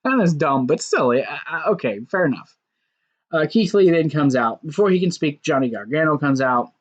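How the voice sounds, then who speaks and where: Animated man recapping wrestling, lo-fi. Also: fairly high pitch, moderate pace. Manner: animated, acts out quotes with laughs. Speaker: wrestling show reviewer. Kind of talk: casual recap commentary.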